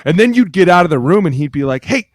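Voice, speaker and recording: A man's voice: high-pitched, sing-song, quick pace, no room sound, studio quality. A man, a podcast co-host and former pro lineman, talking brashly and swearing freely in casual chat. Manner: brash, profane, laughing asides.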